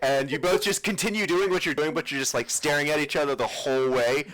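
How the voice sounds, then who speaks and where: A man's voice: a little high, fast talker, a bit bright. A man running a tabletop game as dungeon master, laughing often and talking in a loose, rambling way.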